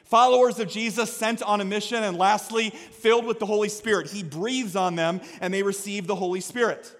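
High-voiced pastor preaching in a reverberant hall. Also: male voice, brisk. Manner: energetic, swings from quiet to loud exhortation. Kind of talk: sermon. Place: church sanctuary. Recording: long reverb of a church hall.

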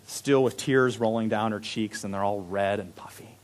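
Speaking at a fairly low pitch and a moderate pace, a young pastor preaches a sermon through a story. His delivery is animated, swinging from loud, emphatic stretches to quiet, hushed ones.

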